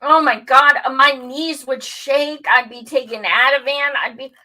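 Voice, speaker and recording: A woman's voice: high-pitched, a little slow, rough recording. A woman who hosts a show, telling her story in casual chat, candid and full of swearing. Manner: candid and profane, animated storytelling. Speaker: show host.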